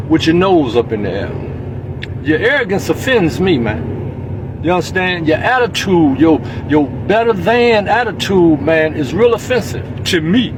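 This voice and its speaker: A man's voice: a little high, background noise. A man ranting heatedly to camera from his vehicle, confrontational, peppering every line with "man" and "you understand".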